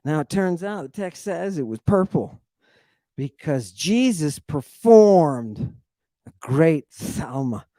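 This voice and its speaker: A man delivering a livestream lecture in a fairly high voice, dragging out his words at an unhurried, deliberate pace. He talks in a theatrical, slangy way, repeating lines for emphasis. The sound is dry and close, with no room echo. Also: very animated, dark tone. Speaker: host lecturing on ancient texts.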